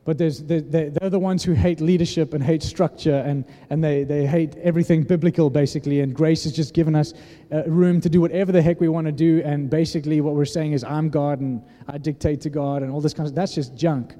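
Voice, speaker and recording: A man's voice: on the high side, fairly even intonation, fast talker, few pauses, dark tone. A man preaching a sermon in an earnest, conversational way, often restarting his sentences. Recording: long hall reverb.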